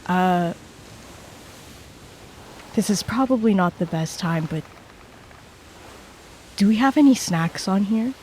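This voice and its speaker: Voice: medium pitch, animated, takes it slowly, pauses often, darkish tone, slight background noise. A player voicing an exhausted young winged Aswang woman who talks in a weary, apologetic way. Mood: weary sheepish.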